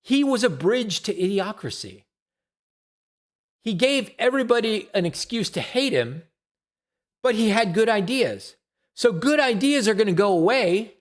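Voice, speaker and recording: Middle-aged male streamer, blunt profane rant, high voice that swings widely in pitch. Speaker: live streamer. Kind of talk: casual stream monologue.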